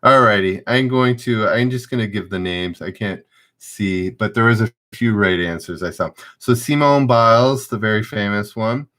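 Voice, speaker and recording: A man's voice: lowish voice, normal speed, fairly bright tone. A man hosting a live-streamed trivia game, reading questions aloud and chatting loosely with viewers.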